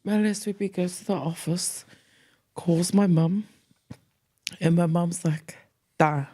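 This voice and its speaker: A woman, co-hosting a podcast, telling school stories in a casual, lively way, acting out quoted voices and mixing in Tongan words. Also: fairly low pitch, takes it slowly. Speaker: podcast co-host. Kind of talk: casual storytelling chat.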